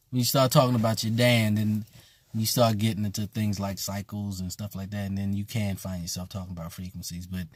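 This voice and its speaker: Husky-voiced man, blunt and conversational. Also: on the low side, dry recording. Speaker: voodoo temple teacher. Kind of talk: casual spoken commentary.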